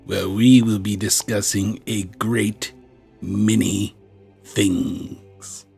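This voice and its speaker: A man's voice: lowish voice, gravelly, husky. A man co-hosting a podcast in casual chat, with dry, jokey remarks. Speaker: podcast co-host.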